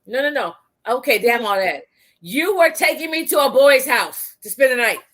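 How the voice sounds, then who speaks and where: A woman's voice: sits high, animated, moderate pace, a bit bright. A woman co-host chatting in a blunt, incredulous, profane way. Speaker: podcast co-host. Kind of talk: casual chat.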